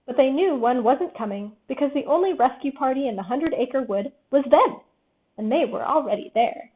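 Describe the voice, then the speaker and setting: A woman narrating a children's storybook with a lively, expressive reading, on tinny phone-like audio. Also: high-pitched, normal speed. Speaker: storybook reader.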